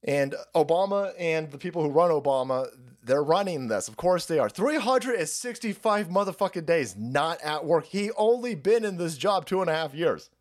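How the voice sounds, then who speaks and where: A man's voice: on the high side, lively intonation, moderate pace, hardly any pauses. A man hosting a livestream, ranting crudely and laughing often. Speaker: streamer host. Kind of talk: profane livestream rant.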